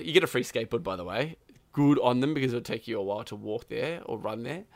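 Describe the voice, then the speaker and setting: A man's voice: medium pitch, fairly quick, a bit bright, dry recording. A man chatting casually about a video game, rambling and swearing, with lots of fillers. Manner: rambling, profane, full of fillers.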